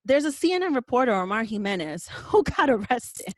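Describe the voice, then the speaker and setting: Her voice is fairly high, sing-song, and brisk, recorded without echo. Hosting a casual podcast chat, she talks with passion and emphasis and curses now and then.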